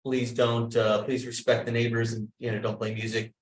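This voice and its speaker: A man's voice: mid-range voice, little pitch movement, normal speed. Man talking in a roomy meeting hall. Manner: conversational, tells anecdotes. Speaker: village board member. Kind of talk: meeting discussion. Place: village meeting room. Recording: roomy meeting hall with faint background noise.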